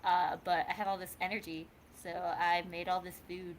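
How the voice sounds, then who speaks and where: A woman's voice: on the low side, level tone, normal speed, a little hiss or hum. Chatty, rambling woman livestreamer. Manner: chatty, rambling, filler-heavy. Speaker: livestream co-host. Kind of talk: casual chat.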